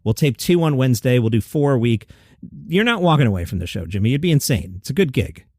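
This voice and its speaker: A middle-aged man hosting a comedy news podcast from his basement, reading headlines and adding wry, animated asides. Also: medium pitch, no echo, clean studio sound. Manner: wry, animated, quick side comments. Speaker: podcast host. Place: home basement studio.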